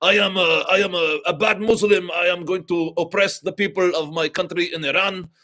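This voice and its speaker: A man's voice: high-pitched, steady tone, moderate pace, sharp tone, pitched above the performer's own voice. A man putting on a smug, decadent, corrupt shah who brags about partying and ignoring his people, in a mocking sing-song voice. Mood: smug mockery.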